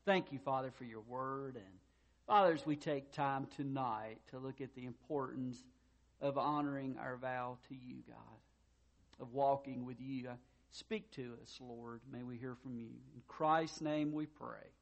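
A pastor preaching a sermon, easing in with a folksy joke before turning to Scripture. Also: male voice, mid-range voice, steady tone, measured pace, gravelly, muffled recording.

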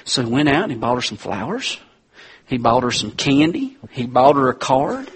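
A man preaching a sermon to his congregation, telling stories with sudden loud peaks. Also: medium pitch, sing-song, normal speed, a little hiss or hum. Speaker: pastor.

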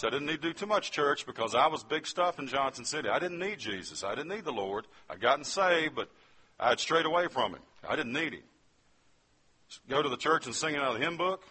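A man's voice: on the high side, bright, forceful tone, breathy edge. A man from West Virginia telling a testimony as a sermon, speaking straight to his listeners as he tells his story. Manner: storytelling, addresses the audience directly.

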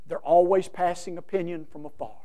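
Folksy high-voiced preacher. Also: male voice, steady tone, a little fast, dark tone. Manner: folksy, emphatic preaching with acted quotes. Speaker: pastor. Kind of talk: sermon.

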